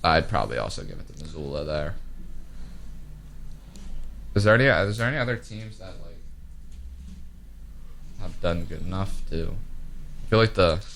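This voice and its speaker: A young man hosts a college radio sports show, reading out odds and predictions in casual, rambling chat. His voice is low-pitched, animated, and a bit bright at normal speed, with long pauses and a little hiss or hum. Easygoing, he tends to trail off mid-sentence.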